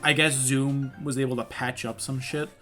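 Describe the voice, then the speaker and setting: A man's voice: mid-range voice, flat delivery, normal speed, fairly bright tone, soft background music. A young man co-hosting a casual comedy podcast, swearing, riffing on jokes and giggling often. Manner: crude, giggly, riffs and jokes. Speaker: podcast co-host.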